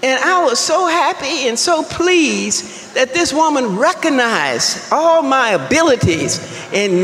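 A woman speaks slowly and deliberately, sharing her own recovery story at a meeting with dry, self-mocking humor. Her voice rings through a roomy hall with a long reverb tail, over faint room ambience. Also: high-pitched, slight background noise. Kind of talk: personal testimony talk.

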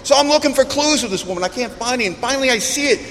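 High-voiced man telling his story in a hall. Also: racing. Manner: animated, self-mocking storyteller. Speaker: speaker at a recovery meeting. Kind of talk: personal storytelling talk. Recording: reverberant hall, faint background noise.

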